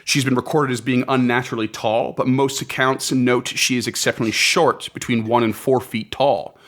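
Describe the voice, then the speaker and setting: A man's voice: mid-range voice, steady tone, normal speed, a bit bright. A man hosting a casual podcast, reading out folklore notes with enthusiasm and laughing often. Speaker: podcast host.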